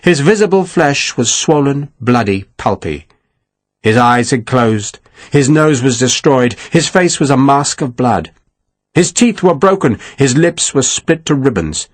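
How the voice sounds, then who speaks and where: A man narrating a novel as an audiobook in an expressive storytelling manner. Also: medium pitch, measured pace, no echo. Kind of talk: scripted narration.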